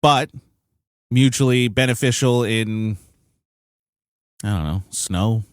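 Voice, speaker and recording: A man's voice: medium pitch, slow pace, dry recording, studio quality. A man co-hosting a podcast in casual chat, rambling and hedging a lot, with some swearing. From United States. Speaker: podcast co-host.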